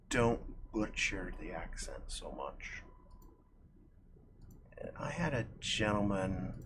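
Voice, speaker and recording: A man's voice: deep voice, a bit bright, slight background noise. A man livestreaming while he draws, chatting in a rambling, self-deprecating way. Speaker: livestreaming digital artist. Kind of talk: casual chat while drawing.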